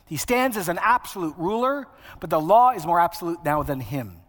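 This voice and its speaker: A man's voice: sits high, lively intonation, normal speed, fairly bright tone. A male preacher delivering a sermon in a conversational, wry way, building emphasis through repetition. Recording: long hall reverb.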